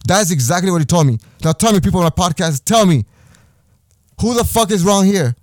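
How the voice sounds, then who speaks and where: A man's voice: high voice, lively intonation, a little fast, a little mellow, no echo, studio quality. A young man hosting a podcast, delivering a heated, profanity-laden personal rant with lots of repetition. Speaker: podcast host.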